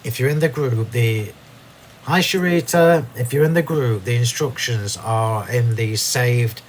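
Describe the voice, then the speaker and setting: A man hosting a live crafting demonstration from his craft room, chatty and quick to laugh at himself as he explains. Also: mid-range voice, a little hiss or hum. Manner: chatty, self-laughing, restarts sentences. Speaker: craft demo host.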